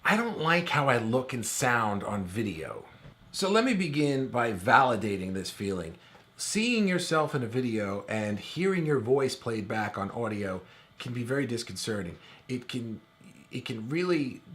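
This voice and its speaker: Casual talking male course instructor. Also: mid-range voice. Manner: relaxed conversational explaining, with filler words. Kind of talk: recorded course lesson.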